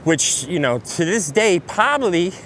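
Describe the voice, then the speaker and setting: A man in his fifties with a Brooklyn accent, a DJ telling rambling, animated stories in casual talk outdoors on a city street. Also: sits high, unhurried, a little hiss or hum. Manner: rambling, animated storytelling with many fillers. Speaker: DJ guest. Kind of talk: casual interview on a walk.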